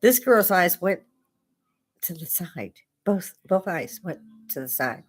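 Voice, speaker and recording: A woman with a slightly low voice tells spooky stories in a loose, chatty way. She laughs often as she talks, like a host chatting with friends. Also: lively intonation, slow pace. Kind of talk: casual storytelling.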